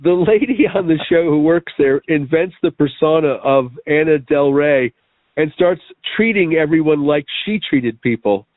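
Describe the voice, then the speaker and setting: A man's voice: a little high, lively intonation, normal speed, dry recording. A man co-hosting a review show, chatting enthusiastically with his co-host. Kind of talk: casual chat. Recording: dry tinny phone-like line.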